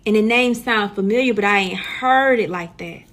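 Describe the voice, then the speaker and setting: A young woman in casual storytime chat, animated and slangy, talking straight to her viewers. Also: mid-range voice, normal speed.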